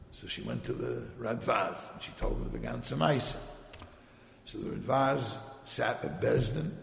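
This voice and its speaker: A man with a heavily gravelly, fry-laden voice tells a religious story, his pitch swinging up and down as he acts out the people in it. He sounds conversational and lively. The recording is roomy, with long hall reverb and faint background noise. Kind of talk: telling a religious tale to a gathering.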